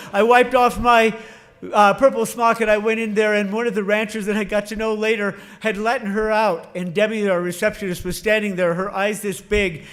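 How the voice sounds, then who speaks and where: Man, middle-aged, high voice, comic speech, acts out quotes, bursts into shouts. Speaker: veterinary professor giving a faculty address. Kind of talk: humorous storytelling speech.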